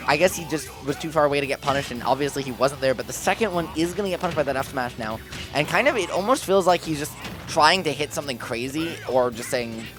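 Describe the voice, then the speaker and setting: Dude doing play-by-play on a smash match, calling moves and percents, music behind. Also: male voice, on the high side, fast talker. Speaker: esports commentator. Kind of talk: live play-by-play commentary.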